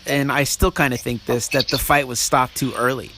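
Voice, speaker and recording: A man's voice: medium pitch, steady tone, normal speed, sharp tone, slight background noise. A man hosting a podcast, telling a funny story in casual chat with many restarts and laughs. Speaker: podcast host.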